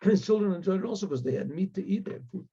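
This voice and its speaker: A man, a rabbi, telling a story in a casual, animated way, acting out the characters' voices and often clearing his throat. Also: sits high, very fast, muffled recording. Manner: animated, acts out voices with rising emotional pleas; frequent throat clearing and restarts.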